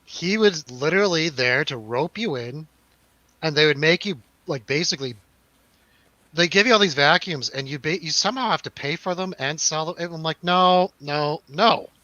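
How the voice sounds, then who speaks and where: A man's voice: a little high, normal speed, bright, forceful tone, no echo, lo-fi sound. A young man on a podcast, telling a story in casual chat, acting out quotes and swearing freely. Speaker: podcast co-host.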